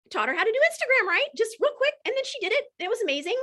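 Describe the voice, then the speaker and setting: A woman, a team leader telling an audience her story in a heartfelt, animated way. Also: very high voice, racing. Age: 40s. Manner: warm, emotional, animated storyteller. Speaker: team leader speaking to a group. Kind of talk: heartfelt casual talk to an audience.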